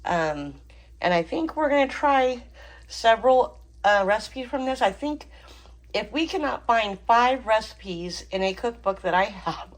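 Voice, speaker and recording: A woman's voice: fairly high pitch, animated, unhurried. A woman hosting a home cooking channel, talking casually with frequent ums and small laughs. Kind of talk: casual cooking vlog chat.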